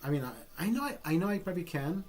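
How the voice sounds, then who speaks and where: A high, sing-song voice with a darkish tone rushes along very fast as this man recounts something personal for his vlog. He curses a lot, rambles, and cuts himself off constantly.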